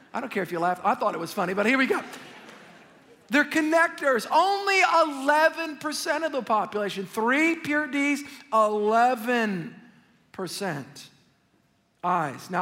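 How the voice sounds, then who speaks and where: High-pitched pastor guy preaching, jokey, chatting with the crowd, echoey church. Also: gravelly. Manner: animated, joking, talks straight to the congregation. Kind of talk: sermon. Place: church sanctuary.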